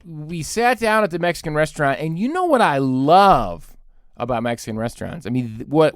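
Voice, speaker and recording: A man's voice: a little high, clean tone, dry recording, studio quality. A man in his thirties, a podcast host, delivering a sarcastic comedic rant and acting out both sides of the conversations he describes. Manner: exasperated, sarcastic, acts out both sides of dialogues.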